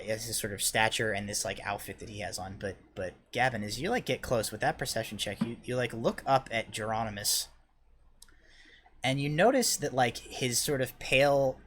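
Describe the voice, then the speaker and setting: A man's voice: fairly low pitch, a bit bright, a little hiss or hum. Easygoing rambling male dungeon master. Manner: rambling with many fillers and restarts, easygoing. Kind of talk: narrating a tabletop game.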